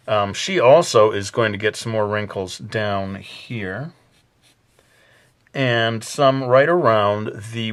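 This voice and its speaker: A man narrating a casual drawing tutorial, chatty and self-mocking, rambling with many fillers. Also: on the low side. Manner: chatty and self-mocking, jokingly putting on a bad accent. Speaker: drawing instructor.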